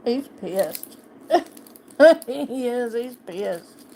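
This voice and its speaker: A woman on a casual live stream who playfully teases her pet. She talks in a fairly high voice and at a very slow, unhurried pace. A faint ambient hum runs underneath. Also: animated, dark tone.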